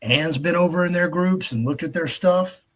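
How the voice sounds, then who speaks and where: A man's voice: high-pitched, normal speed. A man hosting his own show in a casual, rambling monologue, blunt and heavy on profanity. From United States. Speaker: host.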